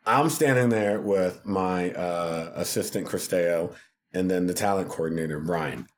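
A man, a television producer and podcast guest, telling stories in a casual, animated way and laughing often. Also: sits low, measured pace, slight background noise. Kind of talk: casual storytelling.

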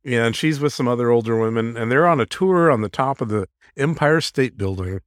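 A man's voice: medium pitch, fairly quick, no echo. Laughing man retelling a show, dry sound. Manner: laughs often while retelling scenes. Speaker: podcast co-host. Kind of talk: casual chat recapping an episode.

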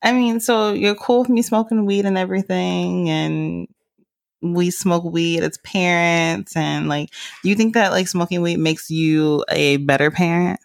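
A young woman hosting a podcast, chatting casually in a giggly, teasing, animated way. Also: lowish voice, a little slow, vocal fry. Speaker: podcast host. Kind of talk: casual chat.

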